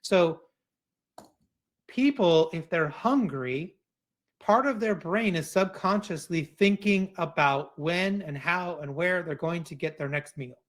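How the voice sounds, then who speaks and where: A man's voice: fairly high pitch, slow, a bit bright. A man giving a keynote talk in a conversational way, often restarting phrases and adding asides. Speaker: keynote speaker.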